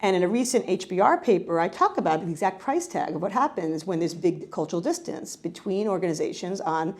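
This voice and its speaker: A middle-aged woman from New York, a researcher who answers questions with animated stories and frequent restarts. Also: lowish voice, a little fast. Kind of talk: conversational interview answer.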